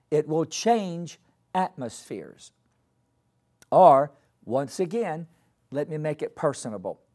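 A man preaches a sermon at an unhurried pace. His voice swings widely in pitch as he drives home each point, repeating key phrases and calling the congregation to repeat them after him. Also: a little mellow. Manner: leads the congregation in call-and-response. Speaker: pastor.

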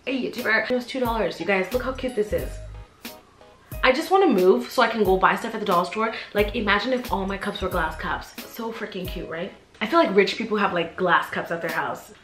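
In a roomy space with faint background music, a twenties-aged YouTuber talks through a haul with her viewers. Her mid-range voice is a bit bright, and her chatty, playful style includes repeating phrases to stress them.

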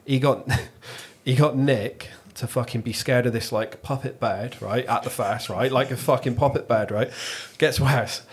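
A man's voice: medium pitch, moderate pace, few pauses. English man swearing through a pub story. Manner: swearing, animated anecdote telling. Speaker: podcast host. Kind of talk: casual chat.

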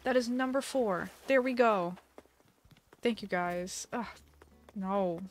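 A woman's voice: on the high side, slow pace, long pauses, soft background music. A young woman live-streaming a video game, chatting casually with a giggly, dramatic manner and mock panic.

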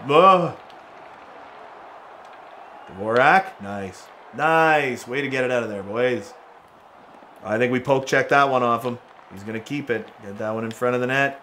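A man giving lively, excitable gameplay commentary as a gaming channel host, trash-talking players and laughing often. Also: medium pitch, slight background noise. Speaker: gaming YouTuber.

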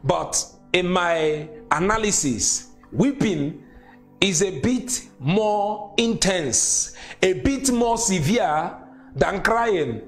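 A man's voice: sits high, lively intonation, drawn-out words, faint music behind. A man whose first language is not English preaches a sermon, repeating phrases with emphatic, consoling delivery.

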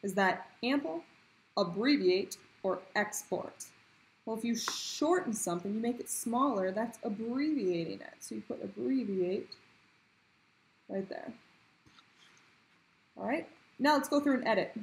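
A woman teacher talking pupils through a grammar worksheet in a clear, patient question-and-answer way. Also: fairly high pitch, expressive, a little slow, pauses often, slight background noise, rough recording. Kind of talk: recorded grammar lesson for pupils.

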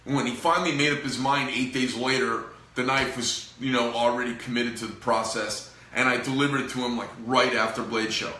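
A middle-aged man vents to camera about his business in a loose, rambling way, swearing freely and sounding fed up. His voice has a bright, forceful edge. The room around him is echoey. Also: mid-range voice, fairly even intonation, brisk, few pauses. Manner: profane, frustrated, rambling. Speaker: knife company owner. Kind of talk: casual venting to camera.

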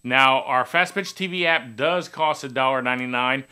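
A man hosting a softball TV show, introducing the segment and promoting offers. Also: mid-range voice, normal speed, smooth. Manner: chatty, promotional. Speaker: TV show host. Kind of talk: scripted show intro and outro.

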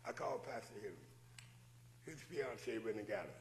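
A man's voice: on the low side, expressive, fairly quick, a little hiss or hum, poor audio. A man preaching to a church congregation, exhorting them with rhetorical questions and repeated phrases. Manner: preacherly, repeats "but you know what?" and rhetorical questions. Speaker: church minister.

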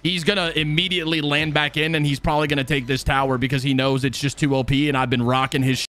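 A man giving casual, chatty gameplay commentary, excitable and self-mocking, breaking into yelps when things go wrong. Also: a little high, fast, a little hiss or hum. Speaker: gaming video creator.

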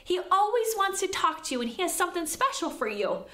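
Very high, bouncy children's church host. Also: female voice, fairly quick. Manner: exaggerated, sing-song, excited, addressing small children. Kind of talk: lively preschool church host. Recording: echoey room.

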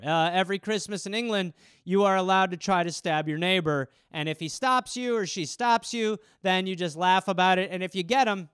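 A man's voice: high-pitched, a bit bright, clear, resonant tone, no room sound, studio quality. A man hosting a comedy podcast, riffing in a rambling, profane way. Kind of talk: casual comedic monologue.

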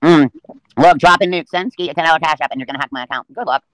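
A man's voice: a little high, racing, fairly bright tone, slight background noise, poor audio. A man rambling through stories in casual livestream chat. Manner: rambling, chatty storyteller. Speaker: livestream guest.

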